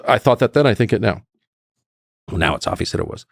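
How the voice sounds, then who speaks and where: A middle-aged man talking as a podcast guest, blunt and animated, acting out quotes with sudden high bursts. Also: quick pace, creaky, dry recording, clean studio sound. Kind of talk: casual conversation.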